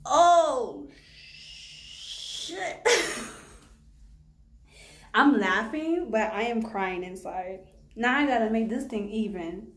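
A woman's voice: fairly high pitch, expressive, slow pace, pauses often. Flustered woman vlogging in an echoey room. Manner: flustered, swearing, nervous laughter. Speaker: hair vlogger. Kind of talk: casual vlog commentary.

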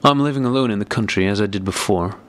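A man's voice: on the low side, fast talker, slight background noise, close to an everyday voice. A man reading as a meek, uneasy younger brother, speaking mildly. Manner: mild and hesitant.

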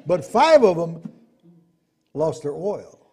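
A man preaching a sermon, swinging between loud emphatic points and low asides, acting out the people he quotes. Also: very animated, slow pace, slightly rough.

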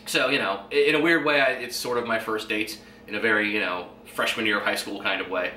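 Bright-voiced man in an echoey room. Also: fairly low pitch, steady tone, a little fast. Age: 20s. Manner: rambling and profane, with fillers and chuckles. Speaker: podcast host. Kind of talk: casual solo monologue. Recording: echoey room, faint background noise.

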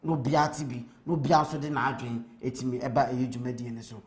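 A man's voice: medium pitch, fairly even intonation, quick pace, echoey room. A Ghanaian man hosting a live show, speaking earnestly and urging listeners to speak up for change. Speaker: host. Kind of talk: talk-show monologue.

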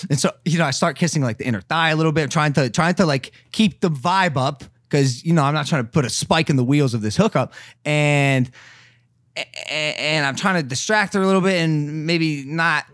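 A man's voice: on the high side, normal speed, fairly bright tone, dry recording, studio quality. A young man co-hosting a podcast who tells a rambling, crude, self-mocking story with many fillers. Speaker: podcast co-host. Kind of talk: casual storytelling chat.

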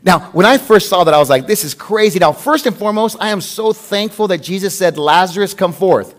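A man's voice: high-pitched, fairly quick. A man preaching a sermon as pastor, mixing scripture reading with conversational, humorous personal stories. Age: adult with a wife. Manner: conversational, animated storytelling with humor.

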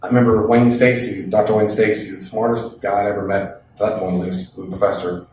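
Folksy Bible teacher in an echoey room. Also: male voice, on the low side, a little fast, a little hiss or hum. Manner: lively, folksy, acts out the parable's voices. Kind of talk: Bible class lecture. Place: classroom. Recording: echoey classroom from a distant mic.

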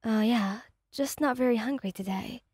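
Woman reading nervous hesitant young person, evasive, mellow dry voice. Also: on the high side, normal speed, breathy edge, dry recording. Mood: anxious. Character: anxious, withdrawn young person.

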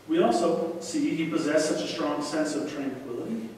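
A man's voice: a little high, normal speed, distant mic, a little hiss or hum. Man preaching in an echoey church hall. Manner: conversational, animated storytelling with asides to the congregation. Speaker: guest preacher. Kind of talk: sermon. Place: church sanctuary.

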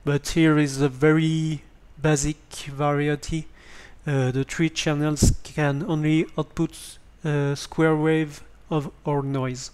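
A man with a French accent giving a hesitant spoken tutorial on a basic microphone, pausing often with ums and restarts. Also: fairly high pitch, little pitch movement, a little mellow, clean tone. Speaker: tutorial presenter.

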